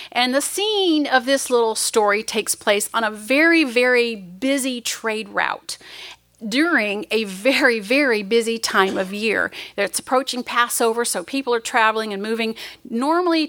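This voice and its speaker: Woman preacher, higher-pitched, earnest and emphatic, dry close sound. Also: a bit bright, no echo. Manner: earnest, emphatic storytelling with rising quoted cries. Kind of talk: sermon.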